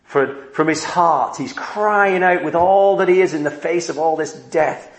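A man preaching a sermon in slow, emphatic phrases with dramatic pauses. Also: a little high, echoey room, poor audio.

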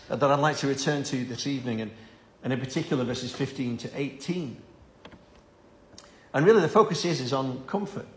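A man's voice: medium pitch, echoey room. A man preaching an evening Bible-study sermon, earnest and given to repeating words as he stresses a point.

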